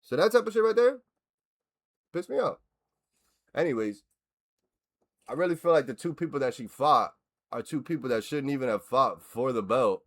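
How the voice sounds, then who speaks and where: A man talks through a fight reaction in a loose, profane rant. He is blunt and heated, and his voice sits at an ordinary middle pitch. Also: normal speed, long pauses. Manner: profane, blunt, animated ranting. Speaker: reaction video host.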